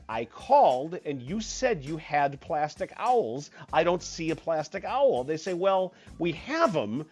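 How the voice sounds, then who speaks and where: A comic storyteller ranting in an exasperated, animated way and acting out each voice in the story. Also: mid-range voice, breathy edge.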